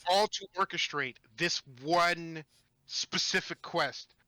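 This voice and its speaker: A man telling a story from his tabletop game as a podcast guest, animated and rambling with restarts. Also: fairly high pitch, slow pace. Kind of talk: casual storytelling chat.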